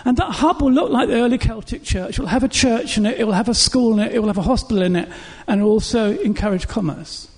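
High-voiced preacher, husky and warm. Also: male voice, fast, hardly any pauses, long reverb tail. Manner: emphatic storytelling. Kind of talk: sermon.

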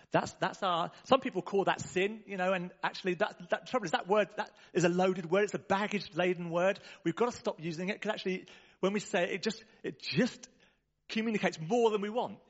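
A man preaching a sermon in a church, talking in a conversational, animated way and calling out to the congregation. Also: a little high, muffled recording.

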